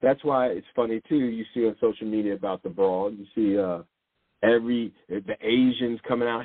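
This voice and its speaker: A man delivers an impassioned sermon in a husky, slightly rough voice, pressing his points with rhetorical questions. His voice sounds dry and close, squeezed through a narrow, phone-like band. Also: lowish voice, normal speed, dry recording. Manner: emphatic, fires rhetorical questions. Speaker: preacher.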